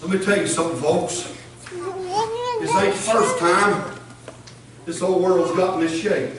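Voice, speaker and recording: A man preaching a fervent Baptist sermon in a folksy way, his voice rising into shouted preaching. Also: high voice, measured pace, a loud crowd. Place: church sanctuary. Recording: echoey church, distant mic. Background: congregation responding.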